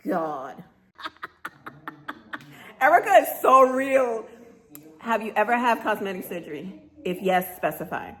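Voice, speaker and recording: A woman's voice: mid-range voice, sing-song, normal speed, fairly bright tone. A woman giving sassy, casual reaction commentary on a reality show, talking straight to the cast members.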